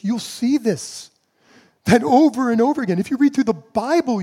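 A man preaching a sermon to his church, with slow, emphatic pauses. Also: very high voice, dark tone. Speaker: pastor.

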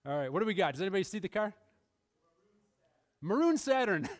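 A man's voice: sits high, big pitch swings, a little fast. A man preaching a sermon in a church, laughing often and briefly acting out the voices of the people in his story. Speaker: pastor. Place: church sanctuary.

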